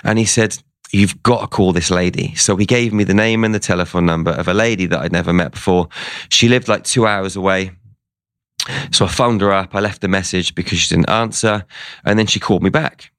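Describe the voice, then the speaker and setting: Deep-voiced man telling a story. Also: a little fast, fairly bright tone, dry recording. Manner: conversational, retells events with quoted dialogue. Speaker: guest. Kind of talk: storytelling in an interview.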